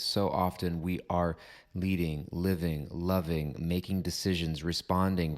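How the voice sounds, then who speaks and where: A man with a very low voice hosts a reflective solo podcast. He talks calmly and deliberately, building his points through repeated parallel phrases on a close microphone. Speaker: podcast host.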